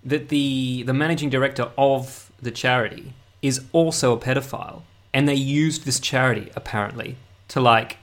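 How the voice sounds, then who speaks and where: A man co-hosting a casual podcast chat, cracking crude, sardonic jokes in a flat tone. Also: medium pitch, moderate pace, hardly any pauses. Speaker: podcast co-host.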